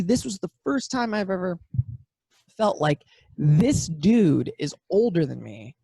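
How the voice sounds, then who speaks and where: Animated profane young man, fairly high voice. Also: creaky, no room sound. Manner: animated, profane storytelling with sudden loud bursts. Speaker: podcast host. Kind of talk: casual chat.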